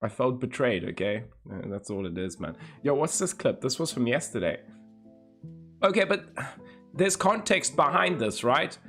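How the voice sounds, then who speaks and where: A young man livestreaming, talking casually to his viewers at a middling pitch. He teases and swears freely. Soft music plays faintly underneath. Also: lively intonation, moderate pace. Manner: chatty, teasing, swears freely. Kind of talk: casual chat with live viewers.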